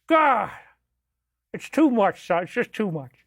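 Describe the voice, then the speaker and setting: A man voicing a furious middle-aged father who rants and yells at his son. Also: sits high, sing-song, slow, vocal fry, breathy edge, no room sound, clean studio sound, full character voice. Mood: exasperated. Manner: ranting, yelling, mock-religious outrage.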